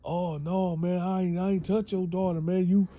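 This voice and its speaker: A man's voice: high voice, little pitch movement, moderate pace, mellow, voice pushed up. A man voicing an evasive husband who stammers out flustered denials. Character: evasive, pleading grown husband.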